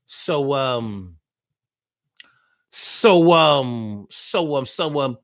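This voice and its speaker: A man's voice: mid-range voice, lively intonation, very slow, vocal fry, no echo, clean studio sound. A man hosting a live show, ranting casually in loose slang with lots of profanity and teasing his listeners directly. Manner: teasing, talks straight to listeners. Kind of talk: casual live-stream talk.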